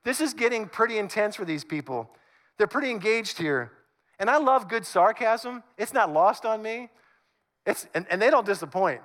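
A high-pitched man preaching to his congregation with animated, conversational energy. He swings between loud emphasis and hushed asides as he acts out the text. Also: normal speed. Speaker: pastor. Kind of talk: sermon.

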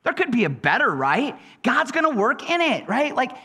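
Lively high-voiced male preacher. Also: normal speed, breathy edge. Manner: animated, acts out quoted prayers in changing voices; conversational, with frequent word repeats. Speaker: pastor. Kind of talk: sermon.

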